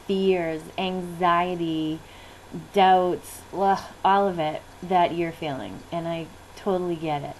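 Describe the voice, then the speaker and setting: A woman in her thirties, a business coach, telling a candid personal story with fillers and soft laughs, near tears as she talks. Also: fairly low pitch, slight background noise, poor audio. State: close to tears.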